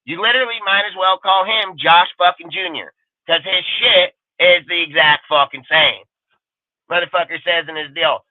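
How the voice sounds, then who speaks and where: A man's voice: high-pitched, normal speed, no echo. A man ranting as a sports talk panelist, swearing constantly and hammering the same points over and over. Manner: profane, emphatic, repeats points. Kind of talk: heated casual sports rant. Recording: tinny phone-line audio.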